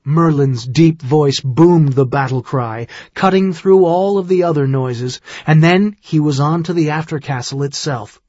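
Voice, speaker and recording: A man narrating an audiobook in a measured, dramatic storytelling manner. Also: fairly high pitch, darkish tone, breathy edge, no room sound, highs cut off.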